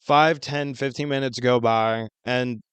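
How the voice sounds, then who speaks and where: A man's voice: mid-range voice, fairly even intonation, unhurried, fairly bright tone, clear, resonant tone, dry recording. A young man co-hosting a podcast, telling a long story in casual chat, swearing a lot. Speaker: podcast co-host.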